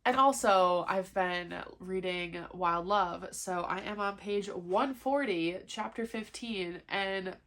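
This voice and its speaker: This young woman's medium-pitched voice is a bit bright, with a little hiss or hum in the recording. She talks slowly, with hardly any pauses, in a casual book vlog where she rants with frustration about her reading, saying "like" constantly and using lots of fillers.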